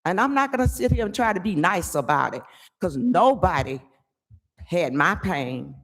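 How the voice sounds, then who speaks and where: An older woman giving an angry, emphatic public comment at a village board meeting, often pausing to ask "okay?". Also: on the low side, big pitch swings, fairly bright tone. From Chicago area.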